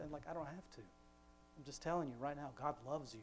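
Leading a casual family devotion, this father talks in a meandering way full of restarts, but slows down to stress each scripture quote. His voice sits a little high, with slight hiss or hum in the audio.

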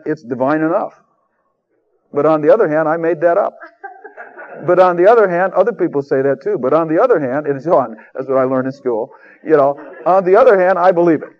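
Male radio preacher, casual emphatic delivery, somewhat high voice, muffled broadcast sound. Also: fast talker. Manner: folksy, conversational, emphatic preaching. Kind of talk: radio sermon. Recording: dull lo-fi radio recording.

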